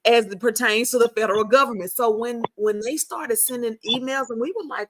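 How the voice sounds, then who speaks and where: A woman's voice: a little high, brisk, few pauses, a bit bright. A middle-aged woman, hosting a podcast and telling a heartfelt story in a casual chat, full of restarts. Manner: emotional storytelling with many restarts. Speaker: podcast host.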